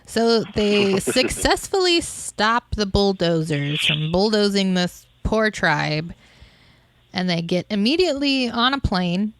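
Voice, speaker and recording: Female podcast co-host, lively pitch, blunt and argumentative, dry sound. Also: slow pace, dry recording. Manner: blunt, argumentative, laughs often. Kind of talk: casual chat.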